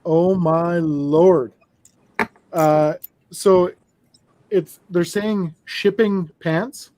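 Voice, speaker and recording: Rambling storyteller man, mellow voice. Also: on the high side, steady tone, drawn-out words. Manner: rambling storyteller, laughs often. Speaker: host of a building chat. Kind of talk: casual chat while building.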